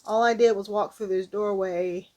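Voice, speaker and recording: A woman's voice: medium pitch, steady tone, normal speed, darkish tone, dull audio, natural voice. A woman doing a frantic, slangy schoolgirl. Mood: panicked. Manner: slangy, exasperated outbursts. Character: startled young girl caught in a haunted past.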